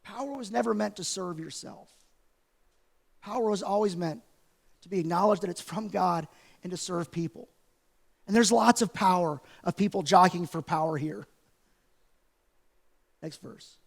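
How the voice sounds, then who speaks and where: A man preaching a sermon, his voice pitched high for a man with a gravelly, crackly edge. He talks casually and tells the story with lively asides, like someone chatting with his congregation. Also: moderate pace, pauses often. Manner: conversational, animated storytelling preacher. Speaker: pastor. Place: church sanctuary.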